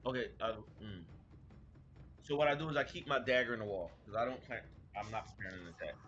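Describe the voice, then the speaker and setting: A man's voice: mid-range voice, expressive, quick pace, a bit bright, dull audio, soft background music. A man playing in a tabletop role-playing game, describing his character's moves hesitantly with many fillers. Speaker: player. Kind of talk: casual tabletop game play.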